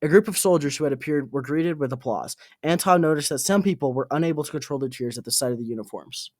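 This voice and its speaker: A man reading an audiobook aloud, halting and correcting his own slips. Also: fairly high pitch, darkish tone, no room sound, studio quality. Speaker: audiobook reader.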